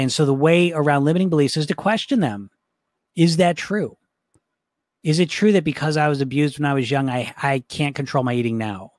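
A man's voice: on the high side, darkish tone, dry recording. Chatty man coaching a class. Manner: casual, upbeat, many fillers and "right?" checks. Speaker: weight-loss coach. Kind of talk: coaching lecture.

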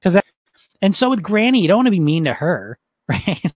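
A man's voice: high voice, sing-song, fairly quick, no echo. A man coaching a live online session, reading viewer comments and talking in an upbeat, rambling way with frequent restarts and laughs. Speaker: weight-loss coach.

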